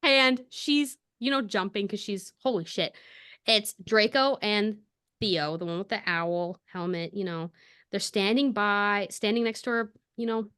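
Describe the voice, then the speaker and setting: A woman's voice: medium pitch, measured pace, a bit bright, clean tone. A woman co-hosting a podcast, animatedly retelling a story with frequent laughs and fillers. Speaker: podcast co-host. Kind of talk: casual chat retelling a story.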